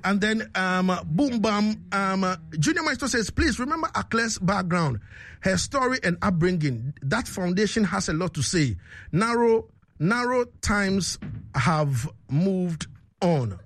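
A man's voice: high voice, measured pace, dry recording. A man with a Ghanaian accent hosting a casual radio show, reading out listener messages and laughing often. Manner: animated, laughs often, repeats "you understand me".

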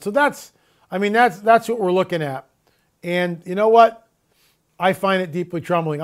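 In a high-pitched voice, a man runs his own video report as an insistent commentary. He leans on rhetorical questions and on repeated catchphrases that he draws out slowly.

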